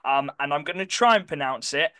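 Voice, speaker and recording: A man chats casually as a podcast co-host, often backtracking to correct himself. His voice is bright and crisp, recorded close and dry with no room echo. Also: on the high side, lively intonation, fairly quick. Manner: chatty, self-correcting, apologetic about pronunciation. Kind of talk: casual sports chat.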